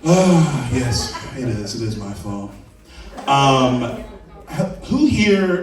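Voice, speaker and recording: A man's voice: mid-range voice, sing-song, extremely slow. A man doing a stand-up comedy set as a comedian and trivia host, rambling, profane and self-deprecating, working the crowd. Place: comedy venue with a live audience. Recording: roomy venue mic from a distance, crowd noise. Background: audience laughter.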